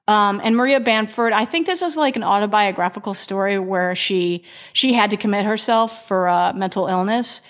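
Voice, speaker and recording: A woman from Chicago co-hosts a pop-culture podcast in loose, casual chat. She swears freely, gushes about what she likes and keeps restarting her sentences, at an ordinary middle pitch. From Chicago, USA. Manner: profane, enthusiastic, restarts often. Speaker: podcast co-host.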